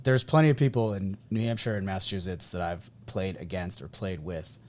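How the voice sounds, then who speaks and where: Man, thirties, from New England, podcast host, casual chat, animated storyteller. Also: low-pitched, fairly quick, a little hiss or hum. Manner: animated storyteller, acts out quoted people. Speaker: podcast host and high school coach.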